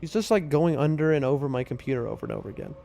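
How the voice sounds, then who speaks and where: A man's voice: mid-range voice, expressive, rapid-fire, creaky, mellow. A man streaming a game from his room at home, chatting loosely with his viewers in a rambling way. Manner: chatty, rambling, talks to chat and his cat. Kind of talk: casual live-stream chat.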